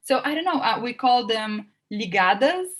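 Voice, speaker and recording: A woman with a Brazilian Portuguese accent, a native Portuguese speaker, is interviewing someone over a video call. Her voice sits a little high, and she talks eagerly but haltingly, often starting her sentences over.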